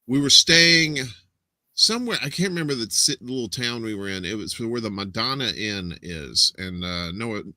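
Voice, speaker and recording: Man, show host, rambling jokey chat, very bright forceful tone, dry close sound. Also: lowish voice, expressive, normal speed, no echo. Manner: rambling, joke-telling, many fillers. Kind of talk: casual live-show chat.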